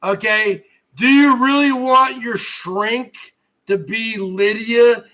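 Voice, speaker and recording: Middle-aged guy hosting his stream, super slow talker, sharp bright voice, mocking and yelling a lot. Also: very high-pitched, steady tone. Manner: loud, mocking, often shouting. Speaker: livestream host. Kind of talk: ranting live-stream monologue.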